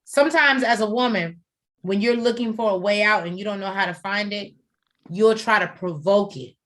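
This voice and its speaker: A woman's voice: medium pitch, moderate pace, fairly bright tone. A woman in her forties co-hosting a casual review chat, blunt and profane. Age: 40s. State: tired, coughing. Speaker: co-host.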